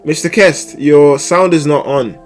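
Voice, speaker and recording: A young man streaming live, chatting casually and animatedly, with sudden loud outbursts and laughter between mumbled asides. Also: fairly high pitch, measured pace, faint music behind. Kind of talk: casual livestream chat.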